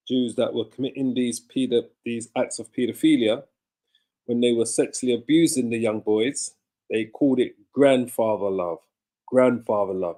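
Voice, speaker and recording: Mellow-voiced man explaining played clips. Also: fairly low pitch. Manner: explanatory, repeats and restates the quotes. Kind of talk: commentary between clips.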